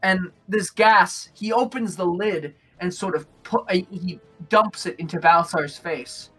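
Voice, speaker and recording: A man narrating as game master of a tabletop game, describing scenes with frequent pauses. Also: high-pitched, a bit bright, breathy edge, faint music behind. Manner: descriptive, hesitant with fillers.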